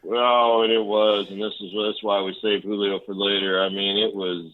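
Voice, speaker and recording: A man's voice: on the low side, little pitch movement, moderate pace. A man co-hosting a casual fantasy league chat, rambling and bluntly trash-talking with laughs. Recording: tinny phone-line sound.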